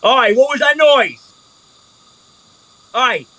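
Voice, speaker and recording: A man's voice: high-pitched, slow, a bit bright, voice pushed up, full character voice, low-quality recording. A man voicing a grumpy, irritated male dwarf guard who barks at a prisoner. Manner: gruff, irritated.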